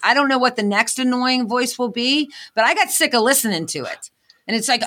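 A woman's voice: on the high side, lively intonation, normal speed, bright, forceful tone. A woman guest in an interview, talking earnestly about her path as an inventor and motivational speaker. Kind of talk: candid interview talk.

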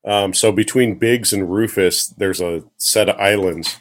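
Man, guest, very low pitch, relaxed, matter-of-fact. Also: measured pace. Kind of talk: casual chat.

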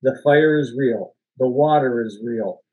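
A man's voice: mid-range voice, a little slow, muffled recording. A man co-hosting a casual movie podcast, telling rambling behind-the-scenes stories, laughing often and swearing now and then. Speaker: podcast co-host. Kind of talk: casual movie-discussion chat.

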